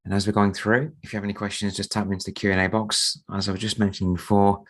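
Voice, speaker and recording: A man hosting a live trading webinar, croaky from a sore throat and speaking softly to save his voice. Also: fairly low pitch, little pitch movement, fast. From Australia. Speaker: market strategist and trading mentor.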